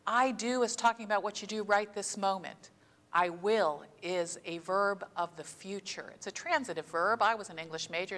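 Woman pastor, plain mid voice, chatty preaching that slows for emphasis; sanctuary echo. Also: medium pitch, fairly bright tone. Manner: conversational storytelling preaching; slows down to stress key phrases. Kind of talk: sermon. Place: church sanctuary. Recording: long church reverb.

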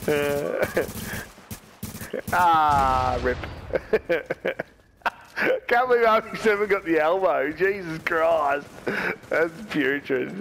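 A man's voice: on the high side, expressive, extremely slow, long pauses, fairly bright tone, slight background noise. A young man trash-talking other players while gaming, taunting and jeering with frequent laughter. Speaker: gamer.

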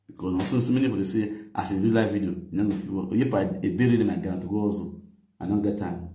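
Nigerian man, low and dark voice, excited live-stream chat, echoey room. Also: fast. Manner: excited, thankful, mixes English with pidgin and Yoruba. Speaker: vlogger doing a daily live video.

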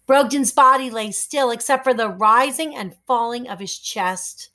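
A woman reads a children's adventure book aloud with lively, suspenseful expression. Her voice sits a little high and sounds bright and clear. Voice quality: expressive, slow suspenseful reading. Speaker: storyteller.

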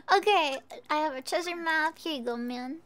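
A woman streamer chatting casually with viewers while she plays a game, bubbly and quick to giggle. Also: high voice. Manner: bubbly, giggly, easily excited. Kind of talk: casual gameplay chat.

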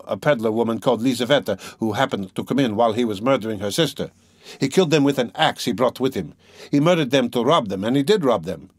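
A manipulative gentleman, measured and insinuating, pausing as he picks his words, voiced by a man reading an audiobook. His voice sits at a plain middle pitch. The recording is dry and close. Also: no echo, close to an everyday voice.

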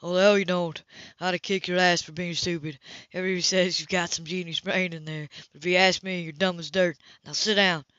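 A reader voicing a hot-tempered grown man who talks in a gruff, blunt, swearing way, in a dull lo-fi recording. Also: high-pitched, little pitch movement, fairly quick, bright, forceful tone, no room sound. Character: angry rough-edged grown man, hot-tempered brother.

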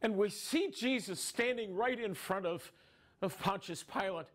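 A man performs an anguished younger brother recounting his brother's suffering as a first-person dramatic monologue. The voice sits high for a man. It stays earnest and emotional, swelling into grief-stricken cries. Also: unhurried, fairly bright tone. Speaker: dramatic storyteller.

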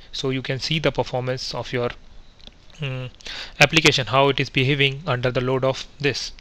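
A man with a bright, forceful voice talks through a coding tutorial step by step. He is methodical and pauses on fillers, often correcting himself as he goes. His pitch sits in a middle register. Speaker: software testing instructor. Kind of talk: screen-recorded coding tutorial.

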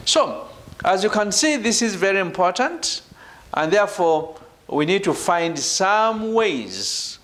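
A man from Uganda giving a university lecture, emphatic, with "right" and "ladies and gentlemen" tagged onto his phrases. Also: big pitch swings, slow pace. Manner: emphatic, falls low at phrase ends. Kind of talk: academic lecture.

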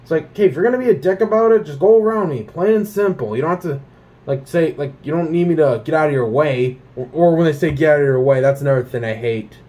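A slightly high-voiced young man from Canada talks fast in his vlog, casually ranting about things he hates. He swears a lot and leans on fillers such as "like" and "um," keeping the rant profane and animated.

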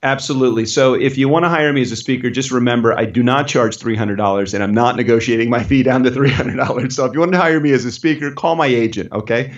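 A man's voice: medium pitch, quick pace, few pauses, roomy sound. Male guest, upbeat, blunt, casual swearing, dull lo-fi sound. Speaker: guest speaker. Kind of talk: casual interview chat.

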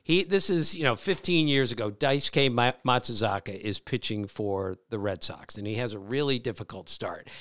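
A man's voice: medium pitch, normal speed, few pauses, a bit bright. A middle-aged man hosting a podcast, telling stories in casual chat and laughing often. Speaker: podcast host, baseball reporter.

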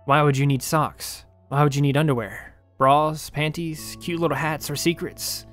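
Cryptic invisible spirit, calm and softly probing, read by a male storyteller. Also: moderate pace, faint music behind, close to an everyday voice. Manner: calm, lower, quietly probing questions. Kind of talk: story reading with acted voices.

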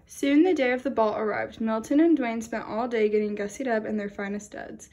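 A woman reading a children's picture book aloud in a lively storytelling way. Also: a little high, a little fast. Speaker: storybook reader. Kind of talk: children's read-aloud narration.

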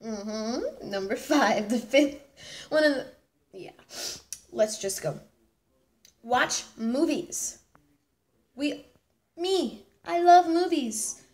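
A woman's voice: high-pitched, animated, very slow, pauses often, a little mellow. A nineteen-year-old woman chatting casually in a vlog, bubbly and rambling, often restarting her sentences. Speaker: vlogger.

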